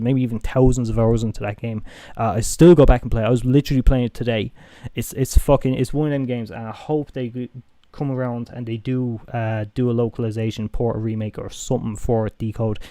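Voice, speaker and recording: A man's voice: mid-range voice, warm tone, dry recording. A young Irish man with a toned-down Dublin accent, chatting casually on a live stream, swearing freely and restarting his sentences. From Ireland.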